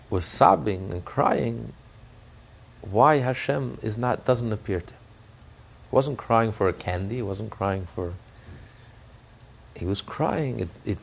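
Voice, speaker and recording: A man's voice: mid-range voice, vocal fry, slightly rough. A man giving an impassioned sermon as a rabbi, often restarting his words as he searches for them.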